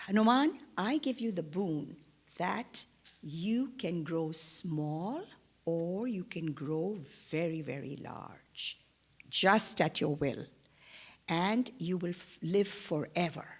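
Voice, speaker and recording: A woman voicing a supreme male creator god, speaking slowly and solemnly. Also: fairly low pitch, lively intonation, breathy edge, heavily acted. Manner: slow, solemn.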